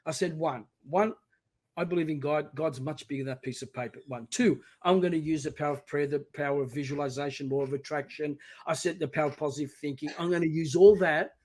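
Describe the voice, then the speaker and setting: A middle-aged man speaking as a podcast guest, his voice sitting a little high for a man. He tells his story with emphatic, animated energy. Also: fast talker. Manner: emphatic, animated storyteller, often quoting himself. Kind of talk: personal storytelling in conversation.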